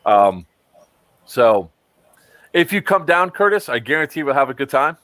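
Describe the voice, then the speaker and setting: A man's voice: on the high side, very animated, measured pace, a bit bright, dry recording. A man hosting a casual chat stream who rambles and fills his talk with frequent ums. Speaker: stream host.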